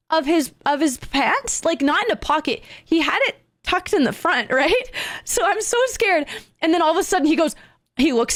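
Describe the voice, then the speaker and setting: A woman telling a story with animated excitement, acting out each voice in it and laughing often. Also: high voice, dry recording, clean studio sound. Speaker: streamer.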